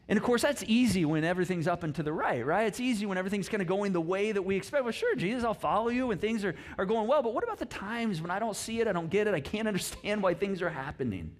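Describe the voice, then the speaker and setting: A man preaching a sermon as pastor, conversational and animated, often repeating words and laughing as he talks. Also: sits high. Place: church auditorium.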